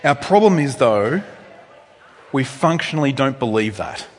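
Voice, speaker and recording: A man's voice: very animated, measured pace. Male pastor preaching in a reverberant church hall. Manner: conversational preaching with asides, swinging from loud high emphasis to soft low tones. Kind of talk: sermon.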